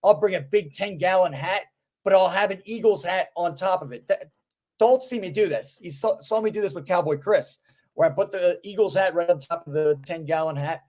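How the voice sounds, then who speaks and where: A man co-hosting a casual sports podcast, telling a rambling, animated story. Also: sits high, brisk. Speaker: podcast co-host.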